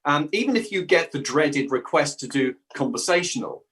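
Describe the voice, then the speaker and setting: A man with a South London accent and a slightly bright voice on the high side talks at a moderate pace with lively intonation. He's a guest in a casual interview chat, an improv actor and voice-over artist, talkative but hesitant and often restarting sentences.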